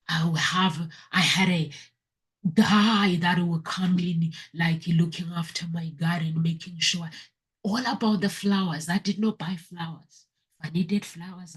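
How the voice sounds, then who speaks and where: A woman hosts her own show and tells viewers her personal story. She talks slowly in a breathy, husky voice that often falls toward a whisper. When she recalls crying, her pitch climbs high. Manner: emotional, pitch rising sharply when recounting crying. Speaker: talk show host.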